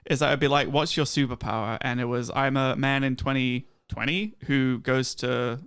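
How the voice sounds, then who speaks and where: A young man with a smooth, clear voice tells a story on a casual chat show. He talks in a self-deprecating way and stumbles through plenty of ums and uhs. His pitch sits in the middle range for a man. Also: steady tone, normal speed, fairly bright tone. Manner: nervous, self-deprecating, full of fillers. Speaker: guest.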